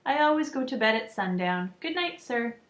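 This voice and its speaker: A woman voicing a gentle, polite little hen bird in a storybook reading, speaking softly and musically. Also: fairly high pitch, expressive, normal speed. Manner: soft, musical, courteous. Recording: echoey room, muffled lo-fi sound.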